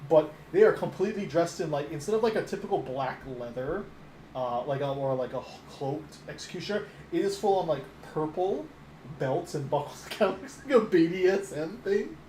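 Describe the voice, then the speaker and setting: A man's voice: fairly high pitch, lively intonation, normal speed, darkish tone. A man narrating as game master of a tabletop game, rambling and filling his descriptions with "like". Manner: rambling, many fillers, laughs at own descriptions. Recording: echoey room with background noise.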